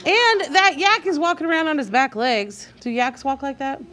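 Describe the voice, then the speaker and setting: A woman teacher leading a guided reading lesson for young children, sounding out words slowly and encouraging her class. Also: sits high, fairly bright tone.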